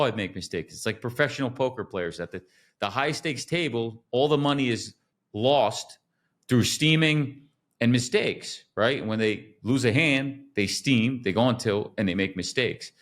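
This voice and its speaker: Animated man telling a sales story. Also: lowish voice. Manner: animated storyteller, acts out quotes. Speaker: podcast host. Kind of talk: casual storytelling chat.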